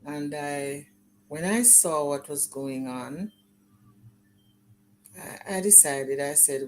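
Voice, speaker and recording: A woman's voice: low-pitched, takes it slowly, long pauses, darkish tone, a little hiss or hum. A middle-aged woman giving an earnest, emotional personal testimony in an interview. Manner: earnest, emotional storytelling, acting out remembered dialogue. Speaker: guest sharing her life story.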